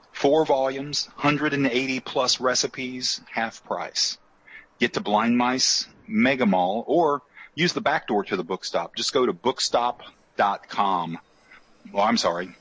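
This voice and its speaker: A man's voice: medium pitch, fairly bright tone, husky, muffled recording. A man co-hosting a podcast in casual chat, joking and telling stories. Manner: joking, chatty, storytelling. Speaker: podcast co-host.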